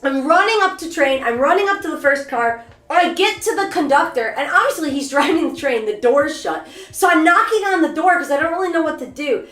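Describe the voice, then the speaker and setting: A woman streamer telling a story in a rambling, animated, self-deprecating way. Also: high-pitched, fairly quick, reverberant, faint music behind. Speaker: VTuber streamer. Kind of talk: casual storytelling.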